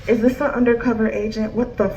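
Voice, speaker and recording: Give me a woman playing a wary person in a trap house, uneasy, a bit lower than her own voice. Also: little pitch movement, quick pace, muffled recording, noisy background, lightly acted. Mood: suspicious.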